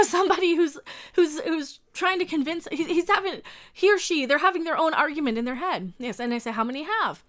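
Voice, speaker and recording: A woman's voice: high-pitched, fairly bright tone. A woman YouTuber ranting heatedly to camera, profane and combative, answering her critics directly and repeating herself when worked up.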